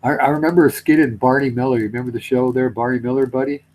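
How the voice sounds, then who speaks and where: A man's voice: medium pitch, steady tone, racing, a little mellow, low-quality recording. A man on a casual comedy chat show who tells rambling stories and swears freely. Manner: rambling storyteller, swears and acts out quotes.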